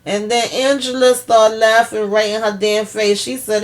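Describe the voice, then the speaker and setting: A woman casually recapping a TV episode for her viewers, animated and chatty, acting out characters' lines. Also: moderate pace, few pauses. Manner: animated storytelling, acts out characters' lines with pitch jumps; chatty, addresses viewers as y'all. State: tired. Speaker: TV recap host.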